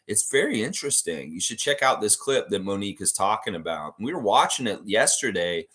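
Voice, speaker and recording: A man hosting a casual livestream chat, rambling in a relaxed way and reading viewer comments aloud. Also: fairly low pitch, brisk. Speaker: livestream host.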